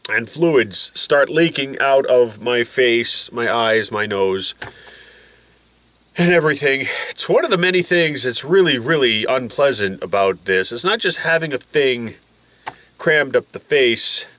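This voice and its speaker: A man with a medium-pitched, animated, slightly bright voice vlogs unhurriedly to camera, sounding congested from nasal packing. Medicated and a bit woozy, he rambles and complains with self-mocking humor.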